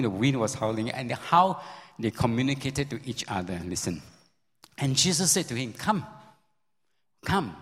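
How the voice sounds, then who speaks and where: Pastor, male, mid-pitched voice, animated storyteller with pitch swings; long hall reverb. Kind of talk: sermon.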